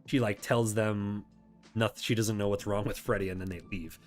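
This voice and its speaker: A man's voice: lowish voice, fairly even intonation, moderate pace, faint music behind. A man hosting a casual chat, answering viewer questions in a rambling, self-correcting way and laughing often.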